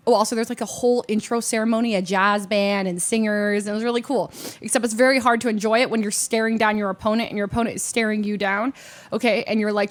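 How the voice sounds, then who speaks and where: A woman streamer casually telling her viewers a story, animated and self-mocking, full of "like" and quick asides. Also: mid-range voice. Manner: animated, heavy use of "like", rapid asides; self-mocking, laughs often.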